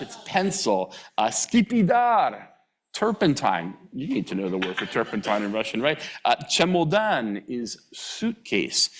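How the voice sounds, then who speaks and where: A middle-aged man giving a public lecture, telling humorous anecdotes, chuckling and acting out quoted voices with sudden jumps in pitch. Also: slightly rough. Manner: draws out foreign words slowly for the audience to repeat.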